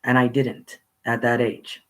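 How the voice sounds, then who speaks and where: In a loose, rambling telling of a childhood memory, a man pauses and restarts often. When he's excited, his pitch goes up.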